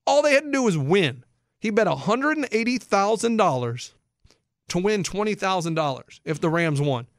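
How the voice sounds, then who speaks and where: A man hosting sports talk, animated and incredulous as he explains bets to listeners. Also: sits high, normal speed, no echo, studio quality. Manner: excitable, incredulous, explains for non-bettors. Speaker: sports radio host.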